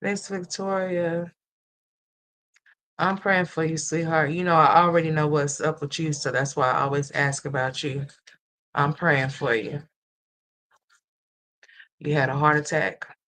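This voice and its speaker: A livestream host talking straight to the chat in a loose, casual way. The voice sits at an ordinary middle pitch. It is blunt and salty one moment and sweetly affectionate the next, calling viewers honey and sweetheart. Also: flat delivery, unhurried, long pauses, bright, forceful tone, slight background noise. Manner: blunt and profane, switching to tender and emotional.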